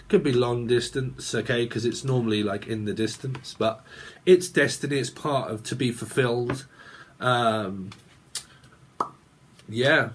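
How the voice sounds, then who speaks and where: A man's voice: mid-range voice, breathy edge. A man giving a rambling tarot reading, free-associating aloud, muttering strings of names and chuckling to himself. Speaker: tarot reader.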